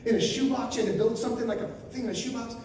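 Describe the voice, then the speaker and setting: A man in his fifties from Florida doing a stand-up comedy set, telling crude stories with loud animated outbursts. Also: extremely high pitch, rapid-fire, slight background noise. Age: 50s. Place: RV resort event room, live audience. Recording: very echoey room, voice from far off.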